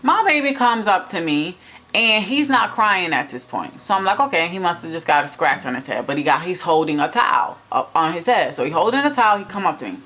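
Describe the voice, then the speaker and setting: A young woman in a casual storytime vlog, talking straight to viewers in an animated, emphatic way. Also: fairly low pitch, brisk. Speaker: vlogger telling a personal story.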